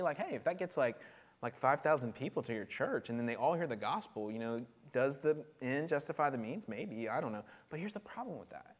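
Animated man preaching a sermon. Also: medium pitch. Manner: animated, laughs often, repeats words. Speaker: pastor.

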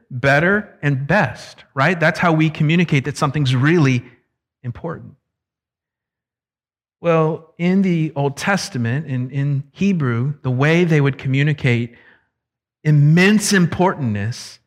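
Slow-paced preacher with dramatic hushed drops. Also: male voice. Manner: dramatic swings between loud emphasis and hushed low drops; casual asides mixed into teaching. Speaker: pastor. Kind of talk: expository sermon.

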